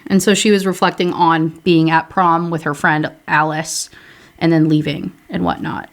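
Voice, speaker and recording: A woman's voice: low voice, level tone. A young woman reviewing a book, reading passages aloud with casual asides in between. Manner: brisk reading, casual asides, slips into character voices.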